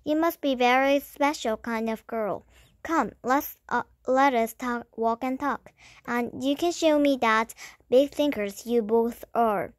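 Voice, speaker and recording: A calm, curious old philosopher teacher , voiced by a woman reading a storybook aloud. The voice sits fairly high and close to the mic in a dry space. Lines come in a plain read with stumbles and restarts. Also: measured pace, no room sound, close to an everyday voice.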